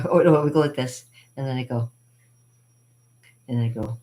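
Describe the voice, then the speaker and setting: A woman with a low, deep speaking voice who hosts a magic channel. She tells childhood stories in a loose, digressive way, laughing often and leaning on "uh" and "you know.". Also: normal speed, mellow. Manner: chatty, digressive, laughs often, many fillers. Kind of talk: rambling personal storytelling.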